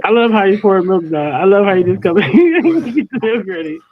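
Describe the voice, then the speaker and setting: A man's voice: high-pitched, lively intonation, a little fast, narrow, tinny audio. A man in a rowdy group chat, laughing and teasing his friends in heavy slang.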